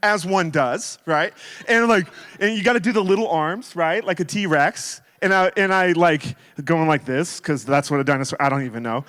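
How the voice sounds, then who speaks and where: A man in his thirties giving a sermon as guest speaker, telling stories in a playful, animated way. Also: fairly high pitch, normal speed. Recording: reverberant hall.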